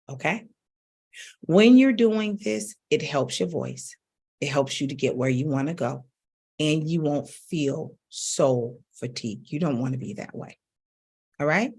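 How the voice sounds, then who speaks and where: Emphatic woman vocal coach, lowish voice. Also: a little mellow, breathy edge. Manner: emphatic, coaxing, repeats phrases for stress. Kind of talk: instructional talk to camera.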